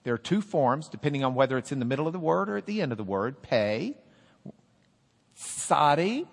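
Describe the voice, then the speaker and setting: A man teaching a class, playful and animated, drilling the students and cracking jokes. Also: medium pitch, long reverb tail.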